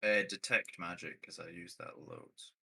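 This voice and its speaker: Man, tabletop player, very low pitch, bright tone, hesitant casual talk. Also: unhurried, vocal fry, slight background noise.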